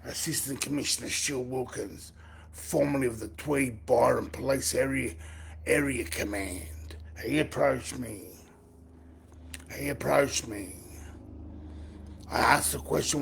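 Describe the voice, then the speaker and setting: A man's voice: mid-range voice, unhurried, gravelly, a little hiss or hum. A man in his forties talking through a rambling live monologue, repeating his phrases and circling back to them. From Australia. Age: 40s. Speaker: livestream host.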